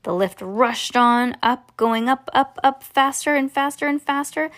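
Woman, slightly high voice, relaxed storybook read-aloud, casual and stumbly. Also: a little slow. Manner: relaxed, stumbling over words, chatty asides. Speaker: reader to children.

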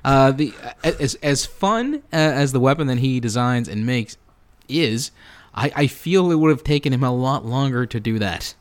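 A man's voice: mid-range voice, animated, normal speed. A man co-hosting a casual podcast about a movie, talking with many fillers and restarts. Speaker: podcast co-host. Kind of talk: casual movie commentary chat.

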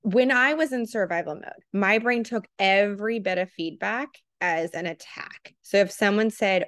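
A woman's voice: mid-range voice, normal speed, fairly bright tone, no room sound, clean studio sound. A woman in her thirties, a parenting program co-founder, talking earnestly in a casual podcast conversation and acting out the voices she quotes.

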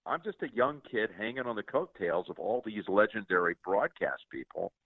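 Deep-voiced man in his 60s on a tinny line. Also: lively intonation, no room sound. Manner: earnest, halting with many restarts. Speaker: interview guest, sports broadcaster. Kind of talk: casual interview storytelling. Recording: tinny dry phone-like line.

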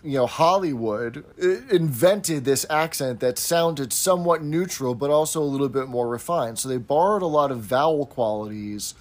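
Male podcast co-host, chatty and explanatory, mid-pitch. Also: lively intonation, normal speed, few pauses. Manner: explanatory, quotes lines from the show. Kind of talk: casual chat about an old TV show.

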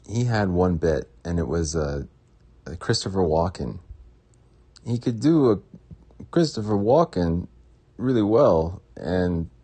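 A man's voice: deep voice, animated, slow, long pauses, mellow, poor audio. A young man hosting a solo podcast, rambling in a jokey, self-deprecating way. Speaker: podcast host.

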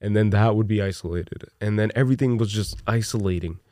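A young man co-hosting a podcast in casual chat, rambling excitedly and peppering his talk with "look" and "dude". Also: on the low side, fast, no room sound, clean studio sound. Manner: animated and rambling, with many "look" and "dude" fillers. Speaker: podcast co-host.

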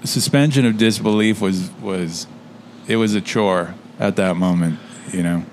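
Dry, understated man with a low voice. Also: unhurried, a little hiss or hum. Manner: dry, understated, quietly teasing. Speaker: podcast co-host. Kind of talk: casual chat.

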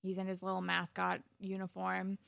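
A woman's voice: medium pitch, monotone, normal speed, gravelly, a bit bright, clean tone, no echo. A woman co-hosting a podcast, retelling a TV episode in a rambling, casual way full of "like". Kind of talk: casual TV recap chat.

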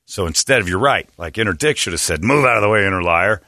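Male podcast co-host, rambling self-mocking storyteller, bright forceful tone, low-ish pitch, dry close mic. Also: animated, fast talker, no room sound. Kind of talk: casual comedic podcast chat.

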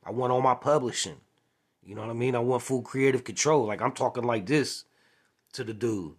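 Speaking slightly fast in a mid-range voice, a man who used to manage musicians tells stories in a casual monologue. He reenacts past conversations and keeps throwing in "you know what I'm saying".

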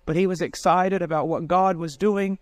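Urgent, clear-voiced male preacher. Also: sits high, fairly even intonation, normal speed, no echo. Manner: urgent, direct, pleading with listeners. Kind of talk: sermon.

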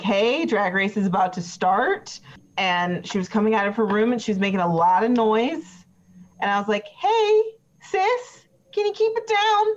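A woman's voice: medium pitch, natural voice. A woman voicing a chatty, petty witness who rambles with many fillers and gets defensive. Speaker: player voicing a trial witness. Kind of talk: improvised tabletop role-play. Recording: dull lo-fi recording.

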